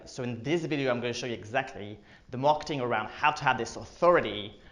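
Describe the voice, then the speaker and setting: A man's voice: mid-range voice, fast, fairly bright tone. A man vlogging about marketing in a casual, joking explainer style with lots of fillers. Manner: joking asides, filler-heavy. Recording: echoey room.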